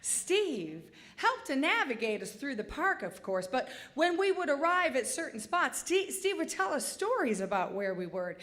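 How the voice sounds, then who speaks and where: A woman's voice: high voice, big pitch swings, normal speed, few pauses, a bit bright. A woman in her forties from Michigan telling a comic, self-deprecating story live on stage, in a chatty way.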